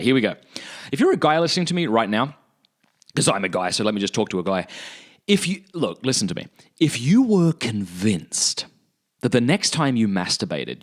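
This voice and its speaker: An Australian man hosting a podcast, talking about faith in a blunt, emphatic, animated way. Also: lowish voice. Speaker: podcast host. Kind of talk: casual spiritual talk.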